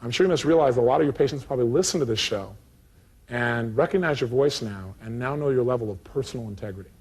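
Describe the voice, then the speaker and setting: A man giving a live motivational seminar, telling a story and acting out both sides of the dialogue with animated energy. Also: mid-range voice, fast, slight background noise.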